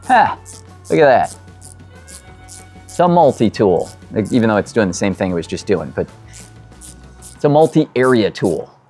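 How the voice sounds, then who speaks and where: A man's voice: fairly low pitch, sing-song, normal speed, long pauses, darkish tone, faint music behind. A man working as a mechanic, chatting in a rambling, self-deprecating way as he works on a car in his workshop. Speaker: mechanic and show host. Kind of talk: casual talk while working on a car.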